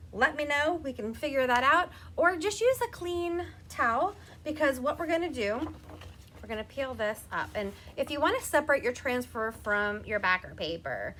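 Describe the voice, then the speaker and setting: A woman's voice: high voice, pushed and bright, a little hiss or hum. A woman in her thirties giving a chatty live craft demonstration, talking to her viewers as she works. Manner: chatty, laughs often, talks to viewers by name.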